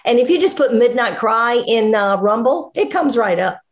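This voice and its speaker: A woman's voice: fairly high pitch, lively intonation. Woman pastor who says "darling". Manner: warm, calls people darling, halting. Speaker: pastor and guest. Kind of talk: casual interview chat.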